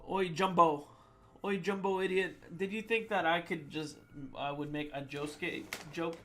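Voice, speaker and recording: A man reading submitted fan jokes out loud in a playful comedic voice, with sudden loud swings. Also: a little high, fairly even intonation, normal speed, faint music behind.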